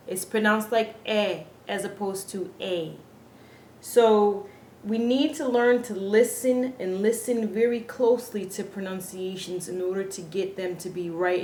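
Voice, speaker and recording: A woman teaching Spanish pronunciation, speaking slowly and deliberately and repeating each word with care. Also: medium pitch, a little hiss or hum. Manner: slow, deliberate, repeats words carefully. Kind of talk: slow instructional lesson. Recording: echoey room, faint ambience.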